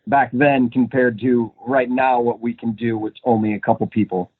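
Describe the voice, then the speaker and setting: A man's voice: medium pitch, flat delivery, normal speed, breathy edge, dry recording. Young guy from minnesota rambling thru an interview, fillers everywhere, tinny phone sound. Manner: rambling, laughs often, many fillers. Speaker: actor, guest. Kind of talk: casual interview chat. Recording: tinny phone-like line, dry.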